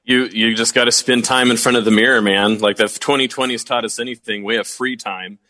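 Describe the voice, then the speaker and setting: A man's voice: mid-range voice, fairly even intonation, a little fast, bright, forceful tone, no room sound, poor audio. A man co-hosting a radio talk show, joking easily with his co-host and addressing listeners as folks. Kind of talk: casual radio talk chat. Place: studio.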